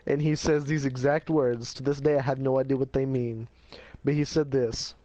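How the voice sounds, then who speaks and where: A man's voice: medium pitch, steady tone, moderate pace, noisy background. A man telling a casual life story in a rambling, slangy way, laughing at himself as he goes.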